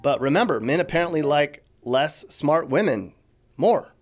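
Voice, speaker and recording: A man's voice: a little high, animated, normal speed, faint music behind. A man hosting a YouTube video, narrating from a script with playful, teasing asides. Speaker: YouTube host.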